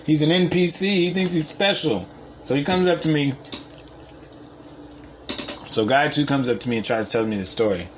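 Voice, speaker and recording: A man telling a story in a casual, profane way, laughing often and swinging from mumbled asides to loud boasts. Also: a little high, moderate pace, long pauses, noisy background.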